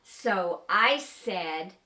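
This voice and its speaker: An older woman with a bright, forceful voice tells a story in a chatty way. She fills her talk with ums and uhs. The sound is roomy and echoey. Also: mid-range voice, extremely slow. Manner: chatty, lively storyteller with many fillers. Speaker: paranormal investigator. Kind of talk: casual storytelling to camera.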